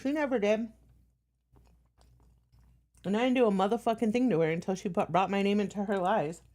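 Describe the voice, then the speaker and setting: A woman's voice: mid-range voice, fairly even intonation, fairly quick, a little mellow. A woman streamer talking bluntly and profanely in a casual reaction stream.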